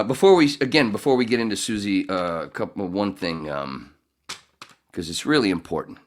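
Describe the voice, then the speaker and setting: A man's voice: lowish voice, animated, moderate pace. A middle-aged man hosting a podcast in casual chat, rambling and swearing, often laughing. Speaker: podcast host.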